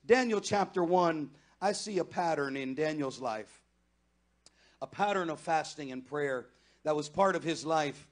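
A man preaching a sermon as pastor of a church, moving from easy conversational talk to loud, impassioned pleading. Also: fairly high pitch, expressive, a little slow. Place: church sanctuary.

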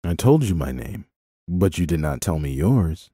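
A man voicing a calm, learned young king with a dry wit, in an audiobook. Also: deep voice, moderate pace, husky, dry recording, full character voice. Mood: wry. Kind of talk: audiobook character voice.

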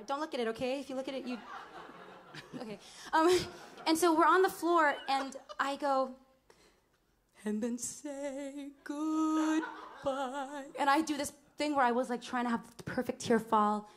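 A woman in her twenties telling a lively, laughing stage story between songs at a small club, acting out other people's lines. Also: sits high, a little hiss or hum. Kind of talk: onstage storytelling banter. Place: small live music club.

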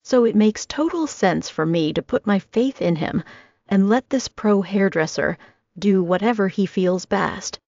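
A woman in her twenties narrating a first-person audiobook with steady, even storytelling. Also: mid-range voice, a little slow, no echo. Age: 20s. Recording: dry, slightly dull audio.

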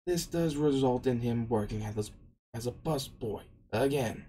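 Slow, dark-voiced man recapping an anime. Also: mid-range voice, a little hiss or hum, low-quality recording. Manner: meandering, frequent restarts. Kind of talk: casual retelling narration.

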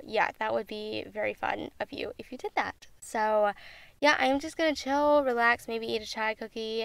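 A woman's voice: fairly high pitch, pushed and bright, smooth, no echo. A woman, hosting a podcast and gushing over music in bubbly, casual chat. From Southern United States. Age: 20s. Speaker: podcast host.

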